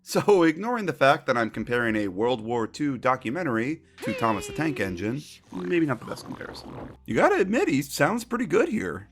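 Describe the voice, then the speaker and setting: A man's voice: mid-range voice, big pitch swings, brisk, faint music behind. A man narrating a scripted retrospective commentary, opinionated and wry.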